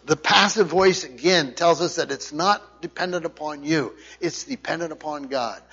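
A man's voice: fairly high pitch, normal speed, bright, forceful tone, breathy edge. Emphatic male preacher, lo-fi sound. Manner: repeats points emphatically, checks in with listeners. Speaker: pastor. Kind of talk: sermon. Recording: dull lo-fi sound.

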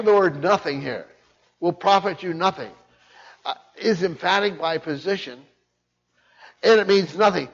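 A man preaching an expository sermon as pastor, emphatic, repeating key phrases for weight and restarting often. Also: high-pitched. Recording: muffled sound with long hall reverb.

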